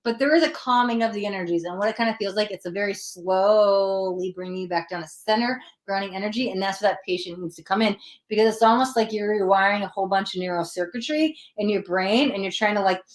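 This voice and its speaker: Speaking fast in a mid-range voice, this tarot reader runs a live psychic session, chatting to her audience and narrating the cards as they come up. Her style is lively and talkative, and she performs any quoted lines in character.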